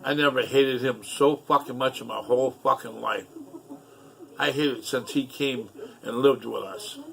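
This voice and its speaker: Gravelly middle-aged man telling rambling stories. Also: medium pitch, normal speed, a bit bright. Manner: profane, rambling, aggrieved. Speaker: storyteller. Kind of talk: casual storytelling.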